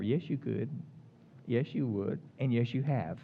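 A man's voice: medium pitch, normal speed, gravelly, narrow, tinny audio, slight background noise. A man preaching a sermon, joking with the congregation and reading scripture aloud with dramatic voices for complaining crowds. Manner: animated, jokey, reads scripture aloud acting out the complainers. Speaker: pastor.

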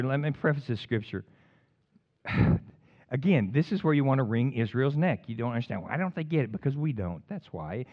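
Fired-up rambling male preacher, lo-fi. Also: mid-range voice. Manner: fired up, rambling, jokey asides. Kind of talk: sermon.

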